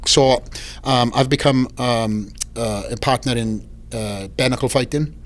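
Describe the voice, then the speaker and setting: A man's voice: mid-range voice, a little slow. A middle-aged man with a Welsh accent, a podcast guest telling stories in casual chat, swearing freely and acting out quoted voices with animation. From Wales. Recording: faint background noise.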